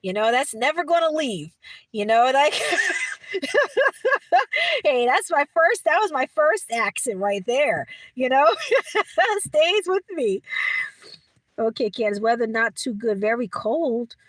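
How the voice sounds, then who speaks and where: Speaking from Brooklyn, New York City, this livestream host is a middle-aged woman with a local accent who chats casually while reading viewer messages. She sounds on the high side, expressive and a little slow, recorded without room sound, rambling with frequent restarts and plenty of laughter.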